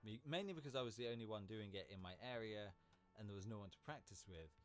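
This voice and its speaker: A man's voice: on the low side, quick pace. A man chatting casually while live-streaming a game, rambling and laughing easily. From Britain.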